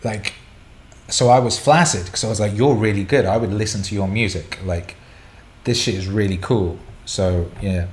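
A man's voice: lowish voice, moderate pace, slight background noise. A middle-aged man hosting a casual chat show, answering listener questions in a candid, rambling storytelling way with repeated words.

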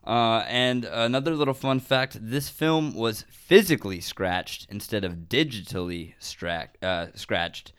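A man with a low, smooth, resonant voice co-hosts a relaxed film podcast. He rattles off movie trivia with eager enthusiasm, dotting his talk with "um" and "like". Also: measured pace, few pauses. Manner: enthusiastic, trivia-loving, fillers like "um" and "like". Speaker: podcast co-host. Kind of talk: casual movie chat.

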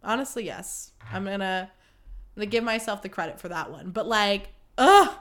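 A young woman hosting her own podcast, ranting candidly about dating, dramatic and self-mocking, swearing freely and swinging between loud outbursts and low mutters. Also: normal speed. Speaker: podcast host. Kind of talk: candid solo podcast monologue.

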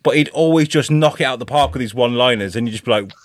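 A man's voice: medium pitch, fast, noisy background. A man with an English accent co-hosting a casual live show, joking and slipping into mock voices. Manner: playful, slips into mock accents. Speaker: podcast co-host. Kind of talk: casual livestream chat.

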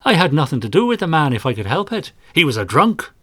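A man's voice: fairly high pitch, very animated, fast talker, pitched above the performer's own voice. A man voicing a suspicious, stout middle-aged male Irish butcher who speaks dismissively. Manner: gruff and dismissive.

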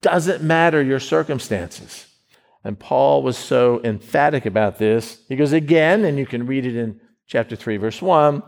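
A man's voice: medium pitch, a little slow, vocal fry. A middle-aged man preaching a sermon, emphatic, often stumbling over repeated words as he builds his point.

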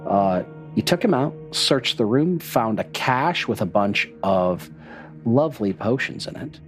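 A man narrating a tabletop game as game master, in a relaxed, descriptive way with frequent filler sounds. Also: mid-range voice, measured pace, soft background music.

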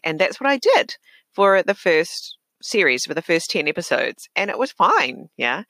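A man's voice: high voice, very animated, moderate pace, pushed and bright, dry recording. A middle-aged man hosting his own podcast from a small closet studio, talking in a chatty, reflective way with fillers and self-corrections. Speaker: podcast host. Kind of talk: casual personal monologue. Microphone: desk podcast microphone.

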